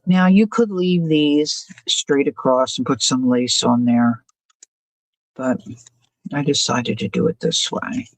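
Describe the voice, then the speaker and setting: A woman's voice: extremely low pitch, slow, dry recording, rough recording. A woman leisurely works through a crafting project on a live stream, wondering aloud and checking in with her audience. Her voice has a faint huskiness and sits close and dry on the mic. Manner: chatty, muses aloud, asks viewers questions. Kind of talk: casual crafting demo, thinking aloud.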